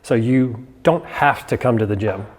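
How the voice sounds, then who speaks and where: A man's voice: mid-range voice, normal speed, husky. A man, a fitness coach, co-hosting a casual gym news vlog in an upbeat, motivational and joking way. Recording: echoey hall with long reverb.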